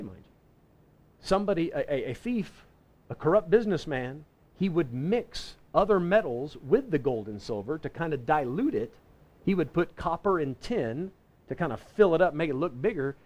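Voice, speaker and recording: A man teaching a Bible lesson in a folksy, conversational way, slowing down to read scripture verses. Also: fairly high pitch, a little mellow. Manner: folksy and conversational, reading scripture slowly and deliberately; self-correcting with frequent restarts. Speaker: pastor teaching a Bible class.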